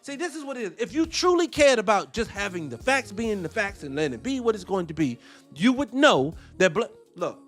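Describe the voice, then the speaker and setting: A man giving heated, profane reaction commentary, firing off rhetorical questions. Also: high-pitched.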